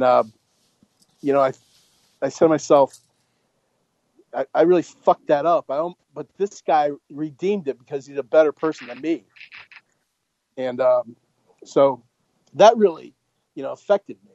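A man's voice: fairly high pitch, warm tone, dry recording, dull audio. A former Marine officer, a man, telling a blunt, profane story in casual conversation.

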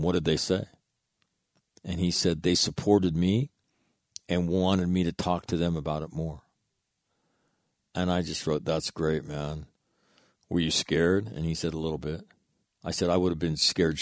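A man's voice: deep voice, a little mellow, dry recording, studio quality. A man telling an earnest story in a casual monologue, reading out text messages and swearing freely.

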